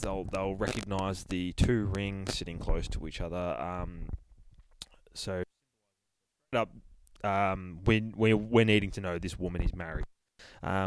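Casual man, lowish voice, dry close sound, swears freely, rambling podcast recap. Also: clean tone, no echo. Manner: profane, loose, full of fillers and restarts. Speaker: podcast host reviewing a comic.

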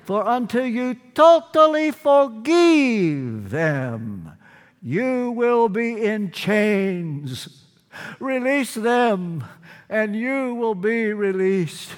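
An elderly Romanian pastor, gentle but firm, speaks each word slowly and heavily in a Romanian accent, as a preacher imitates him. The voice sits high and drawn out, carried by the long reverb of a hall. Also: male voice, sing-song, smooth, heavily acted. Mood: solemn urging. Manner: slow, emphatic, weighty delivery.

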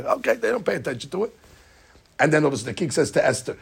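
A man giving a lively, jokey storytelling lesson as a religious teacher. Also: fairly high pitch, rapid-fire, gravelly, husky. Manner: lively, jokey, acts out scenes.

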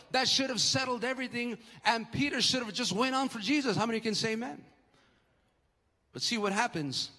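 A man preaching a sermon in a church, animated and acting out the voices of the people he quotes. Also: very high voice, a little fast. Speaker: pastor. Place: church sanctuary. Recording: live stream with long hall reverb.

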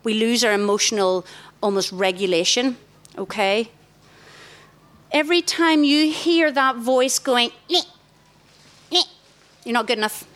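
A middle-aged woman, giving a lively, direct sermon to a tent of girls. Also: a little high, moderate pace. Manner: lively, direct, warmly emphatic. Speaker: youth speaker. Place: large tent.

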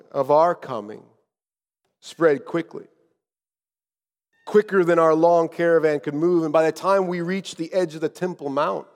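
A preacher with a high voice tells a sermon as a first-person story, shifting from lively telling to hushed tones. His voice carries a long echo from a large hall. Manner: dramatic, dropping to hushed tones.

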